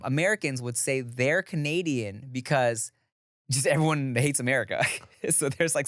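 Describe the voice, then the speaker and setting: A man co-hosting a podcast, chatting loosely and swearing, getting louder when worked up. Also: medium pitch, dry recording, studio quality. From Los Angeles. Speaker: podcast co-host. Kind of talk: casual chat.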